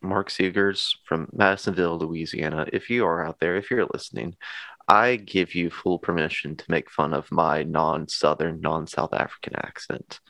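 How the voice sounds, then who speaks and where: A man's voice: deep voice, steady tone, moderate pace, vocal fry, bright, forceful tone, dry recording. A man co-hosting a podcast in casual chat, with dry, self-deprecating humor. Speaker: podcast co-host.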